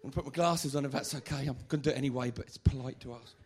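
A man preaching an animated, comic evangelistic sermon at a church meeting, acting out the stories he tells. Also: mid-range voice, very fast. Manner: animated, comic storytelling with acted-out voices.

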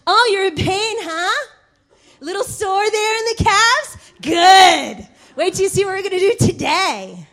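A woman acting out a tough, demanding male track coach who barks orders and shouts encouragement from the sideline. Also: very high-pitched, big pitch swings, normal speed, heavily acted. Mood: taunting. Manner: barking, taunting, then shouting encouragement.

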